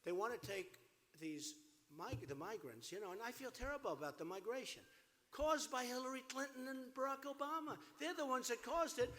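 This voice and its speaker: A man's voice: extremely high pitch, fairly quick, fairly bright tone. A man giving a campaign rally speech, emphatic and repetitive with rambling asides, amplified in an echoing venue. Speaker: presidential candidate. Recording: echoey hall with PA reverb.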